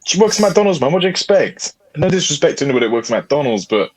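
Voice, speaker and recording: A man's voice: a little high, very animated, rapid-fire, slightly rough, no room sound, low-quality recording. A man from England co-hosting a podcast, chiming in with blunt, teasing banter. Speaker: podcast co-host. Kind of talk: casual banter.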